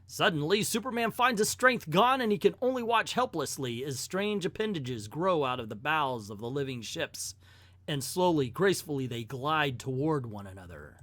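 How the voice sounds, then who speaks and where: A man's voice: fairly high pitch, expressive, normal speed, fairly bright tone, no echo. A man giving a chatty, wry recap of an old comic book, full of casual asides.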